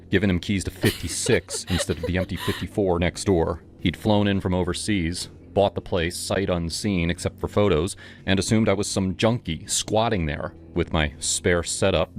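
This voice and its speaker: Casting: deep male horror narrator, steady first-person storytelling, voice over a loud music bed.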